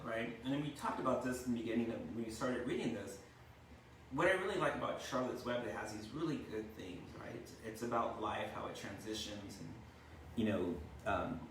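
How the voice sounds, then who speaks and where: A man's voice: medium pitch, a little hiss or hum. Chatty man reading a storybook, echoey. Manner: chatty, explains words, tags lines with "right?". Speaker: teacher. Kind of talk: reading a storybook aloud to a class. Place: home kitchen. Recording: echoey room, mic far off.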